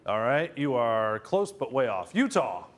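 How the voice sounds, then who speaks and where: Animated male TV weather co-host. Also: medium pitch, a little slow. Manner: animated, self-correcting. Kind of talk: casual studio chat.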